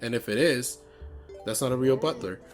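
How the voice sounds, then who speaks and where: A man co-hosting a laid-back podcast, talking at an everyday middle pitch. He rambles along in casual chat, stacking up fillers and restarts as he explains things. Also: moderate pace, soft background music. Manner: rambling, chatty, full of fillers. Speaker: podcast co-host.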